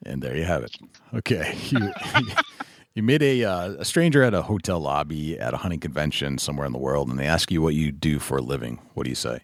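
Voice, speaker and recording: A man hosting a podcast interview, firing off quick questions and answering with short, soft acknowledgments. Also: extremely low pitch, animated, dry recording. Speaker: podcast host.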